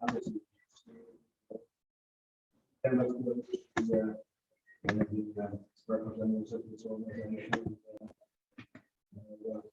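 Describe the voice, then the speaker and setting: A man's voice: fairly low pitch, little pitch movement, moderate pace, pauses often, noisy background. A man rambling hesitantly at a meeting, trailing off between thoughts. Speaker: meeting member. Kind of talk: casual meeting talk. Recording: distant roomy dull meeting recording.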